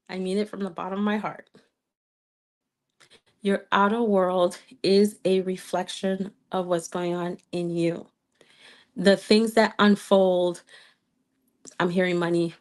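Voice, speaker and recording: A woman with a slight accent answers viewer questions in a live stream, speaking at a middling pitch. She coaches earnestly, repeats her main points for emphasis and keeps checking in with "okay?". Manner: repeats key phrases for emphasis. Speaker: twin flame coach.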